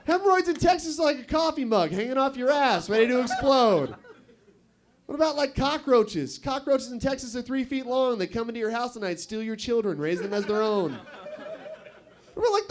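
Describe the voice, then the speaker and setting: A man's voice: extremely high pitch, lively intonation, fairly quick. A young man from Nevada performing a stand-up set at a comedy club, rambling and offhand, with asides to the crowd. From Nevada, USA. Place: comedy club stage with live audience.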